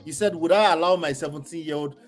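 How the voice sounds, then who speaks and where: A man's voice: fairly high pitch, fast talker, faint music behind. A middle-aged man hosting a panel debate, emotional and pressing with repeated questions. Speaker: host.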